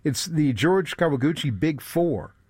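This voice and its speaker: A man co-hosting a radio show in a relaxed, teasing way, announcing the event and the next music. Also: fairly high pitch, unhurried, breathy edge, no room sound. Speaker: radio co-host. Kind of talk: casual radio chat.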